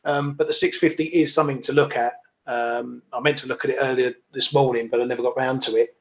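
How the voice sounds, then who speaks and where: Flat-voiced man with dull lo-fi sound. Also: medium pitch, fast. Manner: relaxed, self-deprecating, many ums. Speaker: guest trader. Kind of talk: casual market commentary. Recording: dull lo-fi webcam audio.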